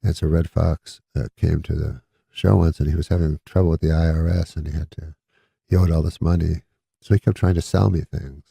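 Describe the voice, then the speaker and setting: Very low gravelly guy, storyteller who does the voices, dry close mic. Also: level tone, brisk, mellow, no room sound. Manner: acts out quoted voices, laughs mid-story. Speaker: comedian telling a story. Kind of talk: casual storytelling.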